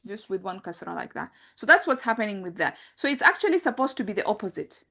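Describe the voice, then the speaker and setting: A woman's voice: mid-range voice, big pitch swings, fast, creaky, sharp tone. A woman teaching an Arabic grammar lesson who repeats her points and often corrects herself mid-sentence. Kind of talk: explanatory classroom lesson.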